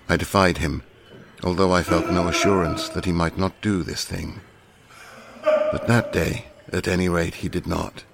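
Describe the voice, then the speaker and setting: A male reader narrates a classic novel in a low, gravelly voice. His delivery is measured and grave, unhurried scripted storytelling. A faint hiss sits under the voice. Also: fairly bright tone. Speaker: audiobook reader.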